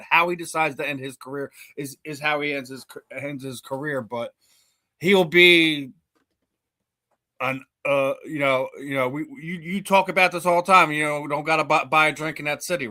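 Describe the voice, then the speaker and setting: Guy with a really bright, sharp voice, stop-start sports debate. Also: a little high. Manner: halting, many restarts, rises when making a point. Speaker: sports podcast co-host.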